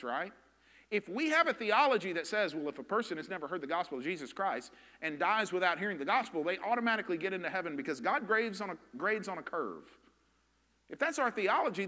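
A bright, high-voiced Southern male pastor delivers a sermon in a church sanctuary, earnest and emphatic, posing rhetorical questions. Long hall reverb from the church fills the recording.

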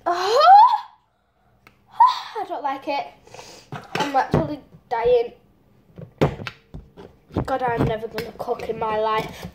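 A woman's voice: a little high, steady tone, normal speed, heavy background noise. A woman with a cold, teary from chopping onions and exclaiming dramatically in a casual cooking vlog at home. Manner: dramatic, exclaiming, self-mocking. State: has a cold. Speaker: vlogger.

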